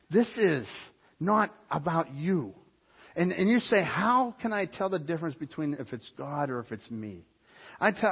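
A pastor preaching a sermon, telling a personal story and rising to loud, urgent bursts. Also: male voice, a little high, husky, in a large hall, lo-fi sound. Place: church.

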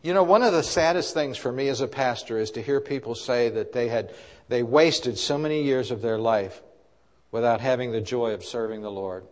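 A man's voice: medium pitch, moderate pace. Man preaching in a reverberant church hall. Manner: preaching with rises and drops in loudness, asking the congregation questions. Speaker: pastor. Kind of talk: sermon.

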